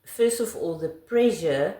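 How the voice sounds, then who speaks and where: A woman's voice: on the low side, lively intonation, slow pace, mellow. South African woman, echoey room. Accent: South African Afrikaans. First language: Afrikaans. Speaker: interviewee. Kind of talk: casual interview.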